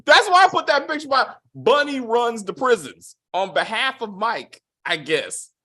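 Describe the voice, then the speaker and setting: Lively, profane male TV reviewer. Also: very high-pitched, measured pace. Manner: animated, swearing, mocking retellings with acted quotes. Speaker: TV show reviewer. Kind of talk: casual profane review chat.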